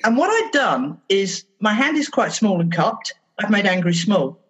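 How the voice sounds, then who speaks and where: A woman therapist being interviewed on a podcast, telling stories with lively, animated delivery and acting out her exchanges with children. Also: medium pitch, moderate pace, slightly rough, poor audio. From England. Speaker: therapist guest.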